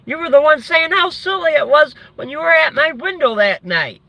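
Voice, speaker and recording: A man's voice: very high voice, expressive, normal speed, vocal fry, dry recording. A man telling a story in an angry, profane vlog rant, rambling and restarting often. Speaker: vlogger. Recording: lo-fi with faint background noise.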